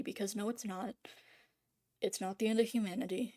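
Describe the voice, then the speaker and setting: A woman's voice: medium pitch, fairly even intonation, normal speed, mellow. Rambling, profane woman ranting. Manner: rambling, profane, many restarts and trailing-off fillers. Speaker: artist ranting on camera. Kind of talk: casual spoken rant.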